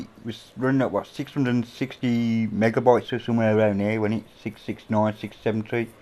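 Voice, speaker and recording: A middle-aged man with an English accent, hosting a casual livestream chat from a home, rambling and offhand with casual swearing, on a boom-mounted mic. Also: a little mellow. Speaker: livestream host. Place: indoors at a home. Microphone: boom-mounted microphone.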